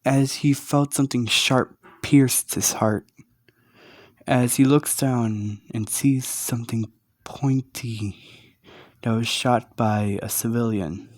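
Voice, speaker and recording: A man narrating a fan story in a halting, hesitant way, speaking quietly with a sore throat. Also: mid-range voice, fairly even intonation, dry recording.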